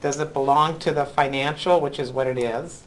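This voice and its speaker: A man's voice: on the high side, fairly even intonation, normal speed, a little hiss or hum, rough recording. A man teaching a college class, lecturing with frequent ums and "right?" checks. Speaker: college accounting instructor.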